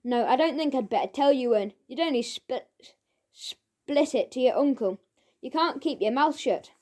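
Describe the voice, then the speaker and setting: A woman's voice: sits high, expressive, moderate pace, darkish tone. A woman reading a children's audiobook, voicing a boastful, teasing schoolboy with an airy, self-important manner. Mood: secretive.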